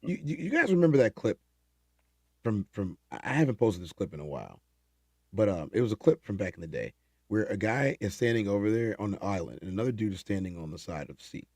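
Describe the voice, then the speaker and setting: Lively low-voiced male livestream host. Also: fast, dry recording, studio quality. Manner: animated, repeats words and restarts. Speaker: livestream host reading chat. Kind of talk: casual late-night chat.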